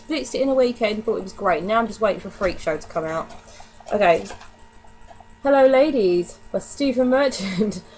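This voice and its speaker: A woman's voice: medium pitch, darkish tone, poor audio. A woman chatting casually to camera in a DVD haul vlog, candid and given to casual swearing. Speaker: vlogger.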